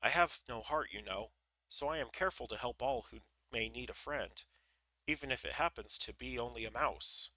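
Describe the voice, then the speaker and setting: A man reading aloud, voicing a gentle, courteous male tin man with an earnest manner. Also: mid-range voice, normal speed, dry recording.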